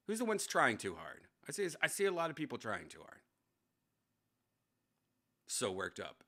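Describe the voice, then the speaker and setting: A man's voice: medium pitch, sing-song, moderate pace, bright, forceful tone. A man hosting his own show in a casual, rambling livestream chat, full of profanity and self-mocking riffs. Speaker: host. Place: home studio.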